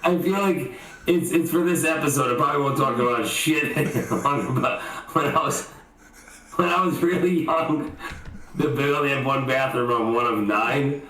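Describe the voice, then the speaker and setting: A man on a podcast telling crude childhood stories in casual chat, animated and laughing, acting out loud quotes. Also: mid-range voice, moderate pace. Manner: animated storyteller who laughs and acts out shouted quotes. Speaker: podcast co-host. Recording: echoey room with faint background noise.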